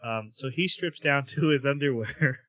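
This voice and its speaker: A man on a podcast walks through an episode, slipping into the characters' lines as he goes. His voice is bright and forward. The audio is dull and lo-fi. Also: medium pitch, moderate pace. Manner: animated retelling with quoted lines. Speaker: podcast co-host. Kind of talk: casual chat, recapping episodes.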